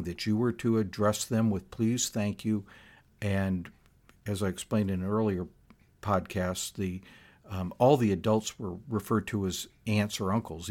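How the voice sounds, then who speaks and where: Older male podcast host, low-pitched, casual storyteller, conversational with restarts. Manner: conversational with frequent restarts and asides.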